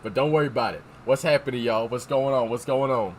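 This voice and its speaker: A man's voice: medium pitch, fast talker, a little hiss or hum. Rambling, profane male streamer. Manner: rambling, profane, reads chat aloud. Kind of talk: casual livestream chat. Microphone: desk microphone.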